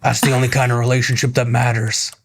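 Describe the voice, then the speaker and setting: A performer voicing a gruff, territorial male talking dog in a tabletop game, speaking in slangy, possessive lines. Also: mid-range voice, flat delivery, quick pace, lightly acted. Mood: smug.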